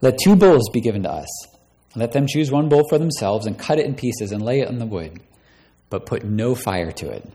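A man's voice: mid-range voice, expressive, moderate pace, dark tone. A man preaching a sermon, reading scripture aloud and raising his voice dramatically on the quoted lines. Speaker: pastor.

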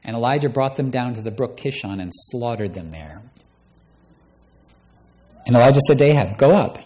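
A man's voice: medium pitch, expressive, normal speed, dark tone. A man preaching a sermon, reading scripture aloud and raising his voice dramatically on the quoted lines. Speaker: pastor.

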